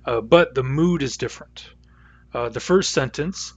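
A man teaching a language class, explaining grammar patiently and methodically with frequent pauses and fillers. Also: mid-range voice, husky. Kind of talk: lecture.

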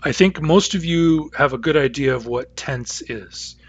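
A man teaching a language class, explaining grammar patiently and methodically with frequent pauses and fillers. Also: on the high side, breathy edge. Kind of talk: lecture.

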